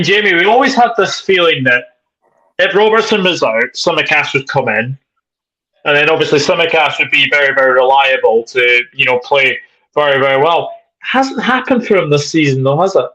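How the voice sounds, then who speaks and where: Bright-voiced man hosting a live stream. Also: on the high side, expressive, normal speed, low-quality recording. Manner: reads viewer comments aloud, chatty. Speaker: host. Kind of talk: live-stream football chat, reading chat.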